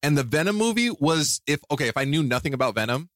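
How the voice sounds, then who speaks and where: A man's voice: on the high side, very animated, fast talker, a bit bright, no room sound, studio quality. A young man co-hosting a podcast in casual chat, playful and jokey, laughing often. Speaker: podcast co-host.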